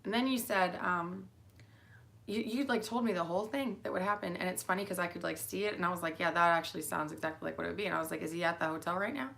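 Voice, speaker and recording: A woman's voice: fairly low pitch, fast talker, gravelly, fairly bright tone. A tired young woman talking straight to her daughter in a rambling monologue, full of fillers and restarts. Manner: meandering, with fillers and mid-sentence restarts. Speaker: mother speaking to her daughter.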